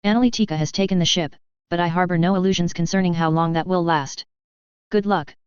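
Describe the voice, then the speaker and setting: A woman voicing a cold, smug female ship AI that speaks calmly and condescendingly. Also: fairly low pitch, fast talker, clear, resonant tone, no echo, close to an everyday voice. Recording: dry, slightly dull lo-fi recording.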